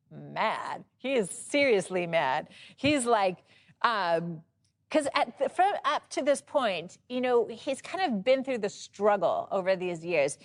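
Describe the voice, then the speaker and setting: Lively, chatty woman teaching Scripture. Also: mid-range voice. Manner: chatty and expressive, laughs often. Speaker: Bible study teacher. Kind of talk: casual Bible teaching.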